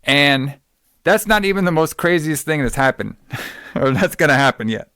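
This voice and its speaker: A man's voice: fairly high pitch, lively intonation, normal speed, pushed and bright, clean tone, no echo, studio quality. A man hosting a podcast, recapping a film in a casual, rambling way, full of swearing and wrestling-fan slang. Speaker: podcast host.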